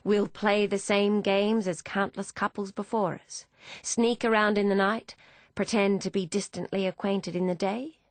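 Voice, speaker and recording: A woman's voice: mid-range voice, steady tone, normal speed, no echo, natural voice. A woman voicing a young man who speaks with wry resignation, in an audiobook reading. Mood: resigned.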